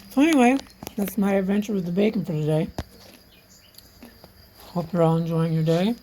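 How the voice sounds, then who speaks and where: A woman's voice: lowish voice, moderate pace, warm tone, a little hiss or hum, poor audio. A retired woman in her sixties chatting casually through a home cooking vlog in her kitchen. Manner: chatty, homey, talks while eating. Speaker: vlogger.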